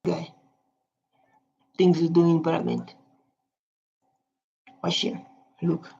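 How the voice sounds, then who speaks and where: Woman, slow-talking, mellow voice, casual reaction commentary, teasing, dull lo-fi sound. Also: fairly low pitch, vocal fry. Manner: animated, repetitive, teasing. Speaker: video reactor.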